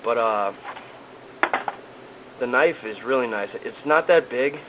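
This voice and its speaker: Young male vlogger, mid-pitched, casual and meandering, faint background noise. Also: takes it slowly. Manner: easygoing, rambling with many ums and uhs. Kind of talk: casual product talk to camera.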